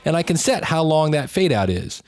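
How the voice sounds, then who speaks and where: A man's voice: a little high, very animated, fairly quick, darkish tone, soft background music. A man hosting a podcast, demonstrating gear in a chatty, wry and upbeat way. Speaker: podcast host. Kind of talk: casual gear demo.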